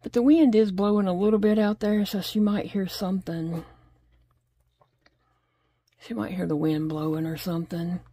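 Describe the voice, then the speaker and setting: A woman's voice: medium pitch, fairly even intonation, normal speed, long pauses, dark tone, breathy edge, no echo, clean studio sound. A middle-aged woman chatting casually at home while she crochets, rambling along and talking to her pets. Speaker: crochet vlogger. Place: home desk.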